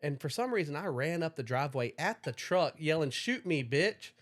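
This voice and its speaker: A man's voice: a little high, lively intonation, a little fast. A young man on a podcast, casually telling rambling stories, swearing freely. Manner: profane, rambling storyteller. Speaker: podcast co-host. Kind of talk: casual chat.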